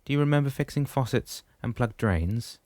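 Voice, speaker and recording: A man reading as a genial older mentor who teases gently. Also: medium pitch, lively intonation, moderate pace, no room sound, studio quality, voice pushed up, lightly acted. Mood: teasing.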